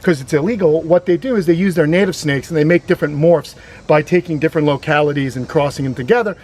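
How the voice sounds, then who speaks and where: A man's voice: on the high side, fast, a little mellow. A man hosting a casual educational vlog outdoors on a grassy lawn, explaining reptiles with chatty enthusiasm. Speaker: reptile sanctuary host.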